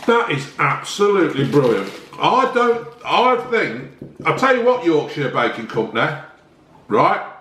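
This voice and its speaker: A man's voice: on the high side, very animated, a little slow, bright, forceful tone, roomy sound, slight background noise. A man, chatting enthusiastically as a casual food review vlogger, often talking while eating.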